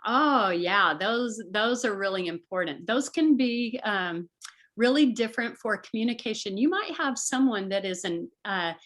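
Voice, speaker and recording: A woman's voice: mid-range voice, lively intonation, moderate pace, fairly bright tone. A middle-aged woman, a guest on a talk show, explaining in an earnest, conversational way and slipping into voices when she quotes people.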